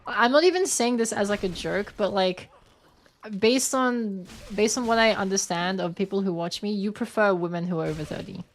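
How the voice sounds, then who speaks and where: A woman's voice: mid-range voice, moderate pace, slight background noise. A woman in her twenties chatting casually and playfully with her viewers while she plays a game and reads chat. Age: 20s. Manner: playful, giggly, thinks aloud. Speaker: streamer.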